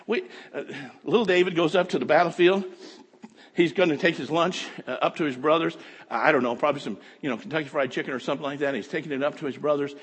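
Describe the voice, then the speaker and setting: A man preaching a fervent sermon that swings from quiet talk to shouting. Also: on the high side, fast, slightly rough. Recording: echoey hall.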